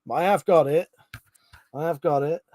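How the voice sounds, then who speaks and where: A man's voice: on the high side, normal speed, a little mellow. A man chatting casually on a live stream, reading out chat messages and swearing freely.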